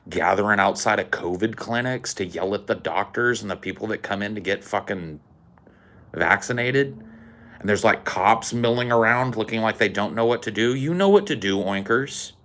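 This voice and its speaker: A man on a podcast ranting angrily and sarcastically, swearing constantly and getting louder and more heated. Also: lowish voice, gravelly. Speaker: podcast co-host. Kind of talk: profane podcast rant.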